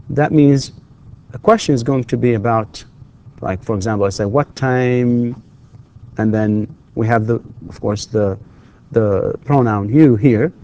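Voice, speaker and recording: A male university lecturer, a native Arabic speaker, teaching English pronunciation slowly and deliberately, repeating words and pausing with fillers as he explains. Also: medium pitch, a little mellow. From Saudi Arabia. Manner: hesitant, with frequent fillers and restarts when explaining. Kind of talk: recorded lecture.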